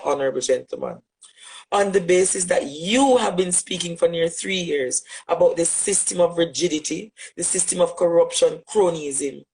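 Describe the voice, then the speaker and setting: With forceful rhetoric and repeated phrases, a Jamaican-accented man speaks passionately straight to his social media audience. His voice is on the high side, and the low-quality recording carries slight background noise.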